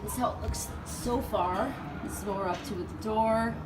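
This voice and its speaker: With music in the background, a woman in a casual DIY vlog chats upbeat and talkative to the camera while restoring and painting a front door. She's a home renovation vlogger with a mid-range voice and moderate pace.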